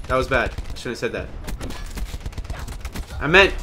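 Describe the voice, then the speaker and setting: A man hosting his own gaming channel, giving live gameplay commentary with an excitable manner, loud outbursts and goofy banter. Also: mid-range voice, fairly quick, long pauses, a little hiss or hum. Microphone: webcam or desk mic.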